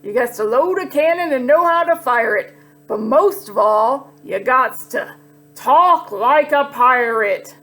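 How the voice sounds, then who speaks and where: Cranky male pirate captain in a kids' storybook, gruff and loud, read by a woman. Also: high-pitched, expressive, measured pace, faint music behind, full character voice. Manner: rhyming, bellowing pirate talk.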